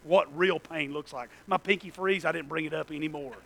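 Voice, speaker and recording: A man, preaching a sermon in a church and telling a personal story that swings from hushed to shouting. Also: a little high, a little fast, gravelly, low-quality recording. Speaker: pastor.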